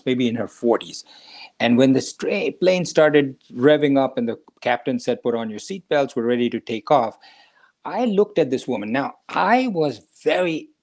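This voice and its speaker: An older man in his seventies, a doctor hosting a talk show, with a voice of ordinary pitch. He tells a personal story step by step at an easy pace and stops now and then to ask himself questions and answer them. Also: darkish tone. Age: 70s. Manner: unhurried anecdotal storytelling with rhetorical questions. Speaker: podcast host, doctor.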